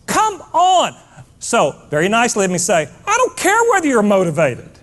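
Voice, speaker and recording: A man's voice: sits high, wildly swooping pitch, fast, a bit bright. A man giving a blunt, fired-up motivational keynote to a live audience, scolding and hammering points with repetition.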